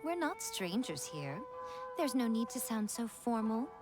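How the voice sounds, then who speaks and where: A woman's voice: fairly high pitch, big pitch swings, a little slow, music in the background. An actress playing a sly, elegant woman in a game who talks in a teasing, languid way. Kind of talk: video game voice acting.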